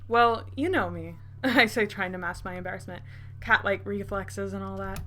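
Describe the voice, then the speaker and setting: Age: young adult figure. Figure: goofy, awkward young man, voiced by a woman. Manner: playful. Tone: bright. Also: mid-range voice, fairly even intonation, moderate pace, lightly acted. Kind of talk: reading game dialogue aloud.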